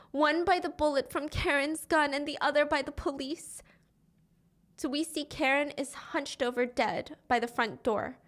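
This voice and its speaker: High-voiced woman telling a dramatic story. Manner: animated, acts out quoted lines. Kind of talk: casual storytelling to friends.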